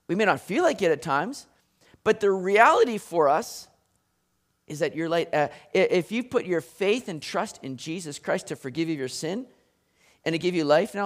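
A man preaching a sermon in an animated, conversational way, sometimes acting out voices. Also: high voice. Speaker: pastor.

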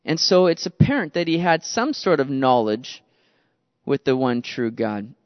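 A man's voice: medium pitch, sing-song, a little slow. A man preaching a sermon in an earnest, conversational way, reading scripture and paraphrasing it, in a large hall with a dull recording. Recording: dull sound with long hall reverb.

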